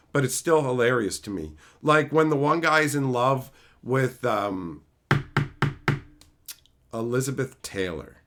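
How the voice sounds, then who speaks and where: A man streaming live and casually answering chat about movies, rambling and swearing freely as he talks. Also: mid-range voice. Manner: rambling, profane, animated.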